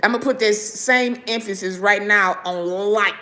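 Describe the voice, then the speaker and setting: Slow, emphatic woman streaming in pain. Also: mid-range voice, lively intonation, sharp tone. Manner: slow and emphatic, hyping viewers to like. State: in pain, lying down. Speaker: show host. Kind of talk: live-stream commentary.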